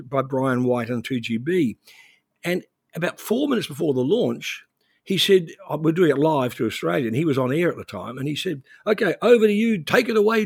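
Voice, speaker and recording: A man's voice: medium pitch, gravelly, husky, dry recording, clean studio sound. An older man from New Zealand, a former journalist, telling anecdotes in a rambling, conversational interview.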